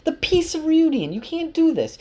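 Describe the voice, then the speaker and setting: A man voicing a stern old tribal wise woman in high, shrill, commanding shouts while summarizing a book. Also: very animated, moderate pace. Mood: scolding. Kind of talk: amateur book summary voice acting.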